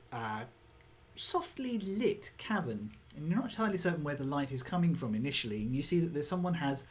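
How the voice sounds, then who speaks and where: Brief: easygoing male game master with an animated, lively narration. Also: medium pitch. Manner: relaxed descriptive narration with fillers.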